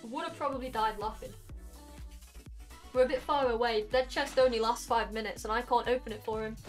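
Young welsh girl streaming, chatty and rambly, highish voice, soft music in the back. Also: a little fast. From Wales. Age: young adult. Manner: chatty, rambling, talks to chat while playing. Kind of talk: casual gaming stream chat.

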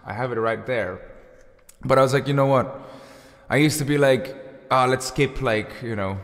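A man's voice: mid-range voice, normal speed, in a large hall. A man of thirty hosting a music livestream, rambling casually through viewer comments with lots of fillers. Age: 30s. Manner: rambling and chatty, full of fillers. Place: home room with lights and guitar gear.

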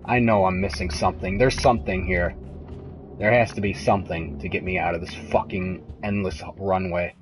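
A young man commenting live on a horror game, jumpy and profane, moving between hushed muttering and high-pitched yelps. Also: fairly quick, over music, low-quality recording. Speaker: gaming host playing a horror game.

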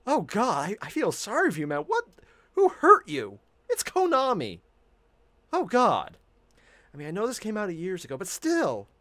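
A man hosting a reaction video, chatting casually, excitable and laughing often as he swears freely. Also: a little high, no room sound.

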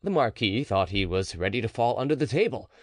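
A man narrating a classic story as an audiobook, with expressive storytelling. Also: medium pitch, brisk, no echo, studio quality.

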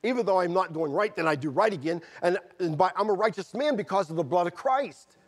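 A middle-aged man preaches a sermon, telling his testimony in a husky voice. His pitch sits a little high, and he swings from quiet storytelling to fervent cries. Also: lively intonation, brisk. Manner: earnest, swings from quiet storytelling to shouted fervor.

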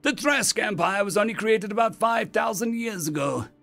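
A man playing a ruthless human fleet admiral who speaks with cold menace and raises his voice to shouting. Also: sits high, expressive, normal speed, creaky, soft background music, pitched above the performer's own voice, exaggerated voice. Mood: commanding.

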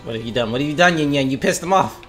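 Excitable gamer man, lively swinging voice. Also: on the high side, very fast, soft background music. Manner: excitable, swearing, jokey, yelling at the game. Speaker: streamer. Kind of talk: live gameplay commentary.

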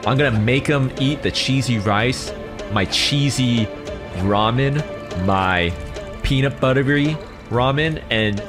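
A male streamer chatting casually and goofily with his viewers, rambling excitedly. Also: medium pitch, takes it slowly, over music.

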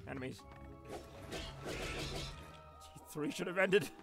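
A man's voice: a little high, takes it slowly, gravelly, music in the background. A man streaming a game live, rambling and joking as he chats with his viewers. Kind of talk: casual live stream gameplay commentary.

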